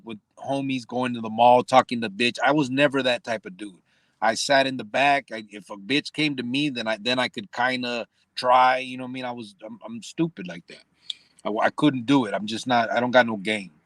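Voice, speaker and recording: Casting: man, mid-pitch, podcast host, loose profane storyteller, dry close sound. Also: steady tone, a little fast, fairly bright tone, no echo. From Arizona. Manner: profane, joking, laughs often. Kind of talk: casual storytelling chat.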